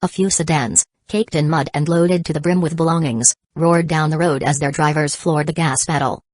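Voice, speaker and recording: A woman narrating an audiobook in a steady, even reading voice. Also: deep voice, moderate pace, dry recording. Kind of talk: scripted narration.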